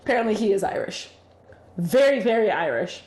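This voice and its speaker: A young woman telling a story casually to the camera, animated and chatty, swearing freely and laughing often. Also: mid-range voice, a little fast, slight background noise. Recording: echoey room.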